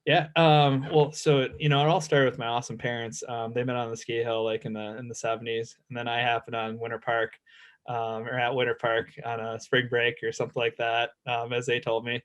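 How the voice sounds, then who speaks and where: Man, 30s, guest snowboarder; relaxed, rambling storyteller. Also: mid-range voice, a little fast. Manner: laid-back, rambling, lots of fillers. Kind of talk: casual storytelling chat.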